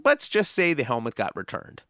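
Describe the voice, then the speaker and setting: A man delivering scripted documentary narration in a measured, wry way. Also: medium pitch, wildly swooping pitch, over music.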